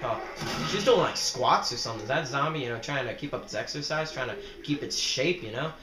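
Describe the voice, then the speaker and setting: A young man giving let's play commentary, joking and yelling at his teammates while he plays. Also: medium pitch, a little fast, roomy sound, background noise. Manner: excitable, yells at teammates, joking. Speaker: gaming commentator.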